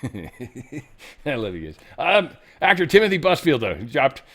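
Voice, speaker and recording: A man's voice: medium pitch, sing-song, measured pace, a bit bright. A man hosting a show, giving a casual news commentary monologue in an irreverent, joking and often profane way. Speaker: show host.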